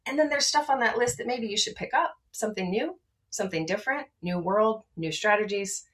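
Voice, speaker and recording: A woman from Maryland, a podcast guest talking about wellness, energetic and emphatic, often tacking on a rhetorical "right?". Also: mid-range voice, brisk. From Maryland, USA. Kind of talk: podcast conversation.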